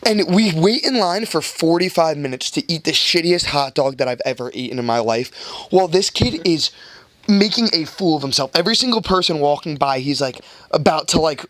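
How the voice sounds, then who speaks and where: Young male co-host, slightly high voice, casual swearing storyteller. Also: animated, brisk, fairly bright tone, no echo. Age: young adult. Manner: rambling, swears a lot, heavy "like" filler. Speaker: podcast co-host.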